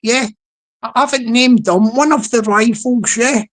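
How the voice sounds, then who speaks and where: A woman talks slowly and chattily, circling back and repeating phrases as she speaks to her live audience. Her voice sits a little higher than usual, and her delivery is loose and unhurried. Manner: rambling, repetitive, chatty. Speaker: live streamer. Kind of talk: casual livestream chat.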